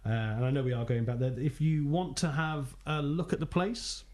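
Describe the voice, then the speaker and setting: A man, a ghost hunter telling animated anecdotes in casual podcast chat, laughing often and acting out quotes. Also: fairly high pitch, fairly quick.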